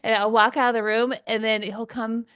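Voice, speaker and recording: A woman's voice: on the high side, little pitch movement, moderate pace, fairly bright tone, smooth. A woman in her forties, a parenting coach and podcast host, talking enthusiastically in an interview and laughing often. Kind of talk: conversational interview.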